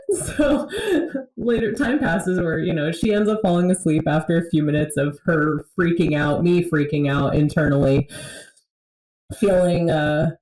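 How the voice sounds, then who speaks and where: Low, mellow-voiced woman telling a story. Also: normal speed, roomy sound, poor audio. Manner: candid storytelling, laughs often. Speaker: podcast conversation partner, mother. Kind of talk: casual podcast conversation.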